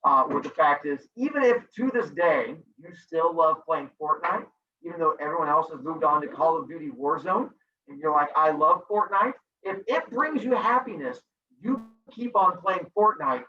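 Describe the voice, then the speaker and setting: A lively male teacher with a fairly high voice that swings up and down as he jokes through a class review. He sounds far from the mic in an echoey room. The call audio is dull with faint noise. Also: moderate pace. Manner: animated, jokey, acts out silly voices. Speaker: middle school teacher. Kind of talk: online class review, joking lecture.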